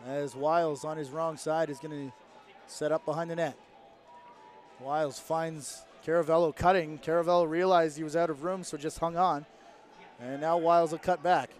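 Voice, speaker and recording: Man, play-by-play commentary, brisk, slightly high voice, rising with the action. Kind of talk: sports commentary.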